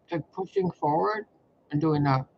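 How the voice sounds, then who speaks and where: A man with a highish voice and some vocal fry talks at normal speed through a rambling, casual tarot monologue. He curses heavily and comes across as blunt and expressive, over dull audio with a light hiss or hum.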